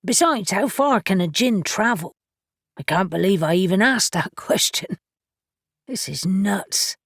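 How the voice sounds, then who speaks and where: A woman's voice: medium pitch, expressive, measured pace, no room sound, studio quality. A woman narrator voicing a practical, sceptical man who reasons things out wryly. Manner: reasoning, wry.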